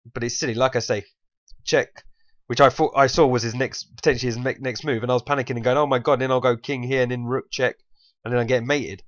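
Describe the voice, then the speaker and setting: A man's voice: mid-range voice, a bit bright, dull audio. Rambling man talking through a chess game. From England. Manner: rambling, self-correcting, laughs at himself. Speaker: chess player analysing his own game. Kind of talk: casual game commentary.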